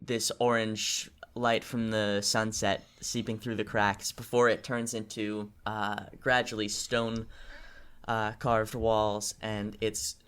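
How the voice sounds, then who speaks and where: Smooth-voiced man running a tabletop game. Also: lowish voice, little pitch movement, a bit bright. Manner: halting, many fillers and restarts. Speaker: game master.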